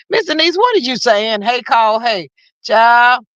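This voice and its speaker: A woman's voice: fairly high pitch, expressive, slow, a bit bright, dry recording, lo-fi sound. A woman hosting a casual live stream, talking straight to her viewers and reading out the chat in a folksy, chatty way.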